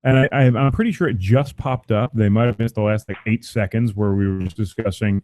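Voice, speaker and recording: A man's voice: on the low side, a little fast, darkish tone. A man co-hosting a podcast, chatting in a laid-back way and swearing casually. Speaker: podcast co-host running the stream.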